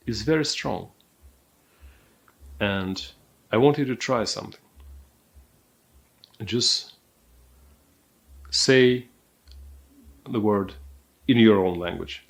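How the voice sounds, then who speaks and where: Low-voiced man giving calm coaching. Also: creaky. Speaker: dating coach. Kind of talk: recorded course lesson.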